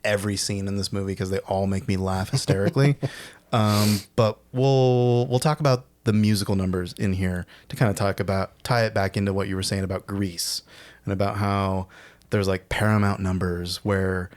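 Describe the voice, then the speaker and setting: Male podcast co-host, lower voice, animated and playful in casual film chat. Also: moderate pace. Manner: animated, acts out movie lines in exaggerated voices.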